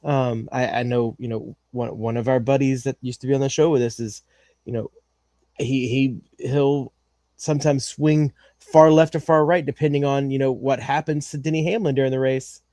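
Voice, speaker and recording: A man's voice: medium pitch, fairly even intonation, moderate pace, mellow, dry recording. A man co-hosting a racing podcast, talking in a rambling way with many fillers and restarts. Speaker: podcast co-host. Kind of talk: casual chat.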